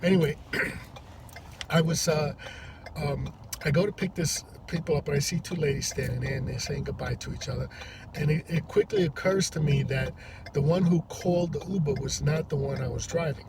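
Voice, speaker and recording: A man who drives for a rideshare service, telling a story to camera in a halting, rambling way, from inside a parked car. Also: a little high. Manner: rambling, halting with many restarts. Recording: distant mic with loud traffic noise. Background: loud vehicle and road noise.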